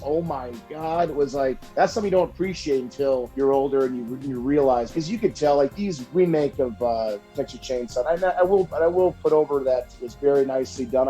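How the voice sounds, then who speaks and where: A man's voice: medium pitch, mellow. A man chatting casually as a guest, rambling with restarts and quoting lines in other voices. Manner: rambling, with many restarts and acted quotes. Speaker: guest on a horror movie podcast. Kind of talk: casual chat.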